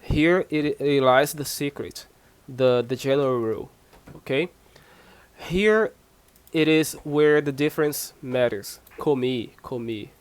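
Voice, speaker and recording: A man's voice: medium pitch, slow, smooth. A man from Brazil with a Brazilian accent, speaking English as a second language while he teaches an online class, patiently repeating himself and giving examples. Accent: Brazilian Portuguese. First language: Portuguese. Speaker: Portuguese teacher.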